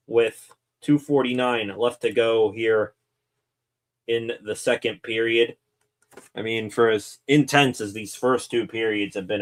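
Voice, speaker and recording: A man hosting a sports channel, giving excited live play-by-play reaction commentary that rambles with fillers and self-corrections. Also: fairly low pitch.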